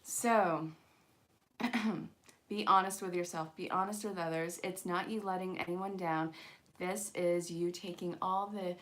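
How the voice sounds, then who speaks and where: Chatty low-voiced woman reading angel cards. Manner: chatty, jokes with viewers' comments; encouraging, spiritual self-help talk. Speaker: angel card reader, channel host. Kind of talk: casual live-streamed card reading.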